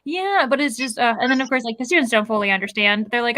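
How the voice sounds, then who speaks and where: A woman's voice: fairly high pitch, lively intonation, quick pace, sharp tone. A woman hosting a casual livestream chat, reading out viewer comments in a chatty way. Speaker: livestream host.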